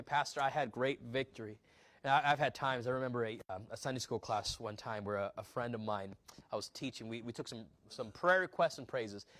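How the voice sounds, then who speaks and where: A young adult man, a pastor preaching a sermon in a church, earnest, often restarting words and acting out quick asides. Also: medium pitch, a bit bright, dry recording. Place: church sanctuary.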